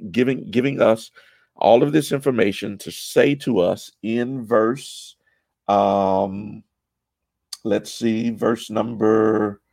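A low-voiced man leads a church Bible study, his words slow and unhurried. His voice has a gravelly fry, and he speaks haltingly, often restarting with fillers and repeated words. The sound is dry and close. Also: darkish tone, no room sound.

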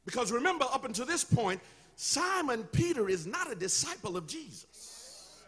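A man preaching a sermon in a church, telling the story with animated call-and-response to the congregation. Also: extremely high pitch, moderate pace, slightly rough. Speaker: pastor.

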